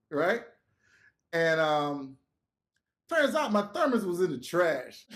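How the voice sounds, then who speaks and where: A man, a podcast guest, telling a story in casual talk, animated and laughing, swearing and acting out what people said. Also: high-pitched, normal speed.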